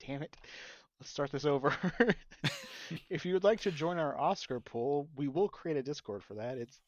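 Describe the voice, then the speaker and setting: A man's voice: a little high, lively intonation, normal speed, a little mellow, no room sound. A man co-hosting a casual podcast chat, rambling and laughing often. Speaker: podcast co-host. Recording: dull lo-fi mic.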